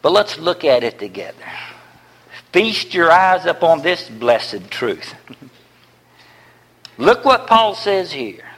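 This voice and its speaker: A high-pitched man preaching slowly in a church sanctuary, repeating phrases for emphasis. He swings from ringing declarations to hushed near-whispers. His voice trails off in the long reverb of a large hall. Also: big pitch swings. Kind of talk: sermon.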